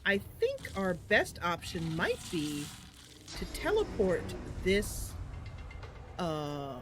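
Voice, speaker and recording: A woman's voice: fairly low pitch, wildly swooping pitch, slow. A woman hosting a game livestream, chatting casually and thinking aloud as she plays, often giggling. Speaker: livestream host.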